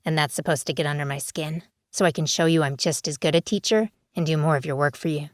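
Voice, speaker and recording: A stern dragon woman in human form speaks in a clipped New York accent, voiced by a woman narrator. Her delivery is firm, dry and low-pitched. The recording is close and dead, with no room echo. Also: fast, lightly acted.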